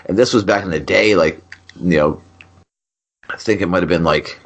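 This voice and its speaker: Deep-voiced dude on a podcast, chill, swears for laughs. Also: male voice, normal speed. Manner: laid-back, playfully profane. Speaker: podcast co-host. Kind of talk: casual chat, anecdotes.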